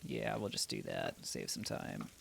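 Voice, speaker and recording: A man's voice: extremely low pitch, huge pitch swings, measured pace, vocal fry, a little hiss or hum. A man commenting casually on a game as he plays, emotional and chatty, talking to himself. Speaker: gaming YouTuber. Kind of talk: let's play commentary.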